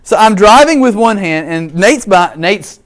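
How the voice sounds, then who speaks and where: Man preaching, middle-aged, animated storyteller, jokes and asides. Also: high-pitched, measured pace. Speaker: pastor. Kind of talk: sermon.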